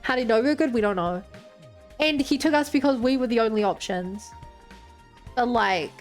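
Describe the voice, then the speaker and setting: A woman's voice: a little high, animated, normal speed, faint music behind. A woman streaming a game, thinking aloud about the story with lots of "like.". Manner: thinking aloud, musing, many "like"s. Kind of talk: live game commentary.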